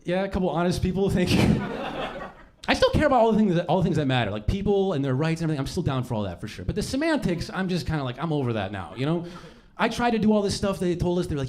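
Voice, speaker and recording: A young man performing a stand-up set on a club stage, profane and animated, breaking into shouted bits. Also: high-pitched, quick pace. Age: young adult. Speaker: stand-up comedian. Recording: noisy live club recording. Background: audience laughter.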